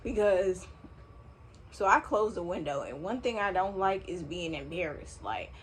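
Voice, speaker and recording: A young woman with a fairly low voice tells a storytime on camera at home, animated and slangy, cursing freely as she goes. A faint hum of household noise sits under her voice. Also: a little slow. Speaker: vlogger. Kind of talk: casual storytime vlog. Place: home room, vacuum running nearby.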